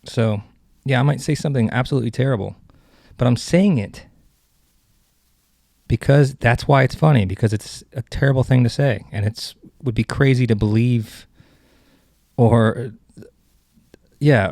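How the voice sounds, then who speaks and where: A man's voice: medium pitch, normal speed, gravelly, darkish tone, dry recording, studio quality. A man hosting a comedy podcast, rambling through jokes and cutting himself off mid-sentence. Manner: rambling, self-interrupting, joking. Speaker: podcast host.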